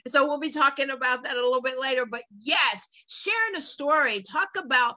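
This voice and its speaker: A woman's voice: sits high, fairly quick, pushed and bright, poor audio. A woman hosting a live online book talk, emphatic and affirming as she introduces authors.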